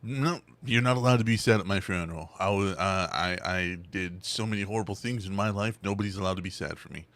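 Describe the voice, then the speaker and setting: Low-voiced man, profane laughing chat. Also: fast talker, hardly any pauses, a bit bright. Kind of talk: casual chat.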